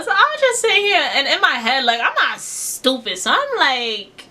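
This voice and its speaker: A young woman telling a casual storytime vlog in slangy, run-on sentences, acting out quotes with big jumps in pitch. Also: huge pitch swings, normal speed, hardly any pauses, pushed and bright. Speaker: vlogger.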